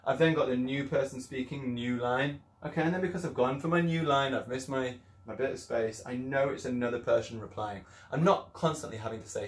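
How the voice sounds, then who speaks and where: A man's voice: mid-range voice, brisk, hardly any pauses, reverberant. A man teaching children an English lesson in a chatty, encouraging way, explaining things step by step. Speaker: primary school teacher.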